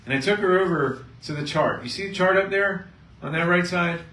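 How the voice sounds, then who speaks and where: A middle-aged man, a chiropractor, speaking to a live seminar audience and telling a patient story with lively storytelling. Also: high-pitched, fairly quick. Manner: storytelling, acting out both sides of a patient story, animated. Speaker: chiropractor giving a health seminar. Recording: echoey room, mic at a distance, faint noise.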